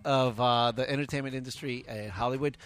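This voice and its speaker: A man's voice: medium pitch, steady tone, a little fast, fairly bright tone, smooth, soft background music. A man co-hosting a casual talk show, introducing guests in an upbeat manner. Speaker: co-host. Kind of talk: casual radio show chat.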